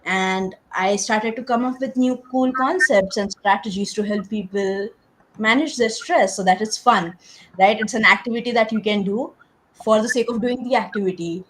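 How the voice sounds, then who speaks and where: A woman's voice: mid-range voice, moderate pace, fairly bright tone, a little hiss or hum, poor audio. A woman guest speaker, a stress coach, answering interview questions in an earnest, reflective storytelling way.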